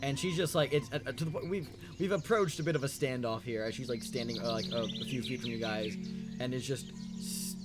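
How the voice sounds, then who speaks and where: A man's voice: medium pitch, a little fast, over loud music. A man narrating a tabletop game as game master, hesitant and full of "like" and "um".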